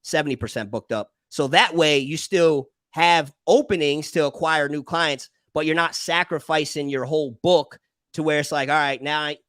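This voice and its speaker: A man's voice: a little high, normal speed, a bit bright, no room sound, clean studio sound. A man hosting a casual business debate, explaining step by step with frequent restarts. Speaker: podcast host and barber.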